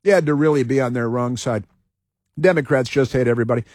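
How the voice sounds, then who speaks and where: A man's voice: medium pitch, fast talker, a little mellow, no room sound, studio quality. A male talk radio host giving combative commentary, repeating phrases for emphasis.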